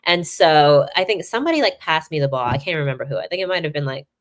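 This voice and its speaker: A woman sports reporter chatting as a guest on an interview show, telling stories in an animated way, full of "like" and "you know". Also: low voice, fast talker. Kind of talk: casual interview chat. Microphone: remote live-stream mic.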